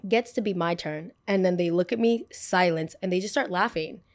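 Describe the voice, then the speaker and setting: A woman's voice: lowish voice, moderate pace. Chatty young woman telling a story. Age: 20s. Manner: chatty, peppered with "like" fillers. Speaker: podcast host. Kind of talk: casual storytelling.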